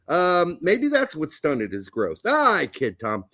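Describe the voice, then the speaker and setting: A middle-aged man in casual podcast chat, his voice rising and falling freely as he tells jokey stories. He sits a bit high for a man and laughs often between lines. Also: huge pitch swings, a little slow, fairly bright tone. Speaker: podcast co-host.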